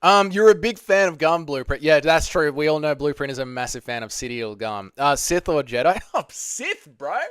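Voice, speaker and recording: A man's voice: a little high, expressive, normal speed, few pauses, fairly bright tone, clean tone, no echo, studio quality. Jokey man hosting a livestream Q&A. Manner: jokey, reads chat questions aloud and riffs on them. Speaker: livestream host answering chat. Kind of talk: casual livestream Q&A. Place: at home.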